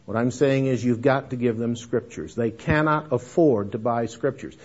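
A man's voice: medium pitch, normal speed, breathy edge. A man giving an emphatic, folksy missions talk to an audience, calling them folks. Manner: emphatic, addresses listeners as folks. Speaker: missions speaker. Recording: dull lo-fi lecture recording.

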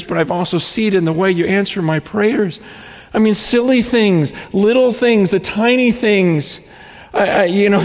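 A man's voice: high-pitched, in a large hall. A man in his forties giving a sermon as a guest speaker, earnest and emotional, often repeating words as he talks. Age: 40s.

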